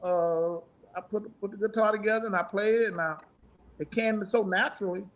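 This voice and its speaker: A man's voice: high-pitched, a little fast, fairly bright tone. A middle-aged man, a musician guest in a casual interview, talking in a rambling, profane way and laughing often.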